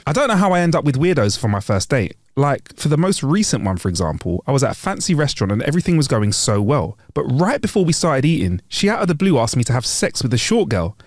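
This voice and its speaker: A chatty podcast co-host who swaps jokes in casual conversation. His pitch swings widely, and the recording is dry and close. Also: big pitch swings, fast, few pauses, no room sound. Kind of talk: casual joke-telling chat.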